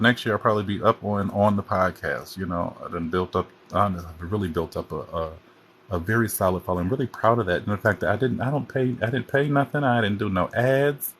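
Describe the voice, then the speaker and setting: A man with a lowish voice chats casually into his phone on a livestream. He rambles, jumps from one thought to the next and keeps an easygoing, talkative flow. A faint hiss sits under his voice. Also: fairly bright tone. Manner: chatty, rambling, jumps between topics. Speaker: host.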